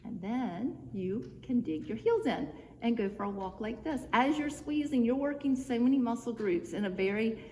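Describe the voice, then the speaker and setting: A woman with a fairly high, expressive, slightly mellow voice talks viewers through simple exercises at home, speaking at a normal speed. Encouraging and chatty, she cues the moves one by one, a little out of breath because she's doing them too. Faint noise and reverb fill the indoor church room.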